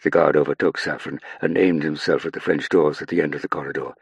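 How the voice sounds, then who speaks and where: A man reads an audiobook in a measured, even storytelling voice. His voice is extremely low, with a husky grain. The recording is dry and close, with no room around it. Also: no room sound. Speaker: audiobook narrator. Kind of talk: scripted narration.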